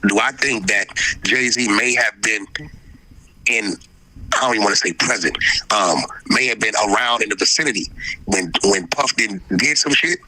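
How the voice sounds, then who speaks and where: A man's voice: lowish voice, moderate pace, pushed and bright, rough recording. A man in a casual podcast discussion, blunt and slangy, firing off questions.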